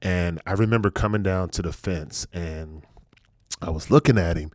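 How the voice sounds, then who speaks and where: Low-voiced man telling stories on a podcast. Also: moderate pace, no room sound, clean studio sound. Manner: earnest storytelling, often lowers his voice when reflective. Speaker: podcast host. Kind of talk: casual podcast chat.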